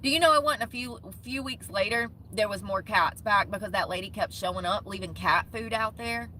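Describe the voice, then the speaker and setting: A woman's voice: medium pitch, fairly quick, sharp tone, a little hiss or hum. A young woman vlogging about van life, telling an indignant, profane story in short bursts. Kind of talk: ranting vlog storytime.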